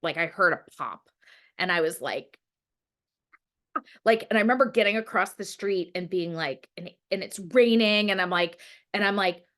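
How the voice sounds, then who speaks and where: A woman's voice: lowish voice, normal speed, fairly bright tone. A woman telling a personal story in a casual interview, rambling with many fillers and acting out her own past words. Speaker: guest.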